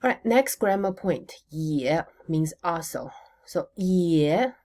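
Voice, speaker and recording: Woman language teacher, deep-pitched, slow and patient, drills words and answers her own prompts. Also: a little mellow. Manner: models words slowly for repetition, asks questions and answers them herself. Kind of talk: recorded language lesson.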